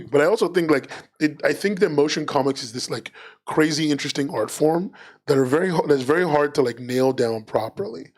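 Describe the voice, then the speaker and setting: A man's voice: medium pitch, husky. A man co-hosting a livestreamed podcast in casual chat, rambling with lots of fillers and restarts. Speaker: podcast co-host.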